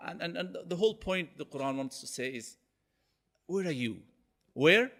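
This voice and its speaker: A man's voice: a little high, lively intonation, normal speed, fairly bright tone. A man giving a Friday sermon as a preacher, telling a story animatedly and often checking in with "okay?".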